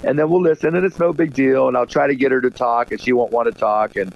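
A man's voice: mid-range voice, fairly even intonation, fast, gravelly. A man being interviewed, telling a long, rambling story with lots of "you know", in casual chat. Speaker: guest. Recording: dull lo-fi line with faint noise.

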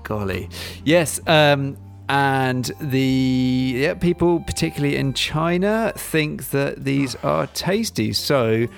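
A man co-hosting a casual podcast, dry and wry, slowing down to read out facts. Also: mid-range voice, expressive, vocal fry, faint music behind. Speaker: podcast co-host. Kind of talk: casual chat.

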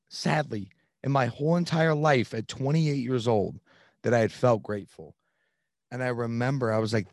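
A man in his thirties, a podcast guest, telling his own story in an earnest, animated way with plenty of "like" fillers. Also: medium pitch, moderate pace, no room sound, clean studio sound. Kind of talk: candid storytelling.

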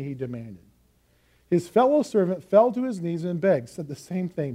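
A man preaching in an earnest, emphatic way, his voice sitting high for a man. The tone is mellow and soft-edged. He leans on key phrases, slowing down to drive them home. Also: lively intonation. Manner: earnest, emphatic teaching with slow stressed phrases. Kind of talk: sermon.

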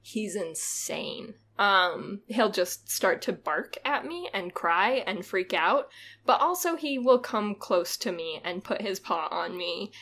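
A woman's voice: mid-range voice, expressive, takes it slowly, a bit bright. A young woman co-hosting a podcast, chatting casually in a rambling, self-deprecating way with frequent laughs. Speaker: podcast co-host. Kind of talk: casual chat.

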